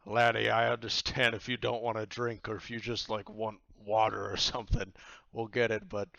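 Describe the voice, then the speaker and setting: A man voicing a boisterous pirate who hosts a drinking game, calling everyone lad and gloating loudly. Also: on the low side, little pitch movement, normal speed, creaky, no room sound, dull audio. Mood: boasting.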